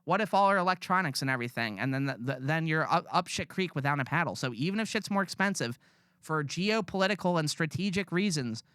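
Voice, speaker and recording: A man's voice: fairly high pitch, expressive, fast talker, bright, forceful tone, clear, resonant tone, no room sound, clean studio sound. A man ranting bluntly and profanely in casual podcast chat. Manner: blunt, profane, rambling rants. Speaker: podcast co-host.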